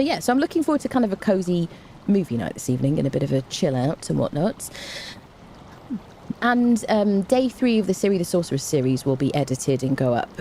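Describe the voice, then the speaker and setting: A woman's voice: deep voice, mellow, a little hiss or hum. A young woman streaming a game, chatting casually and self-mockingly as she greets viewers by name. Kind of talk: casual live-stream chat.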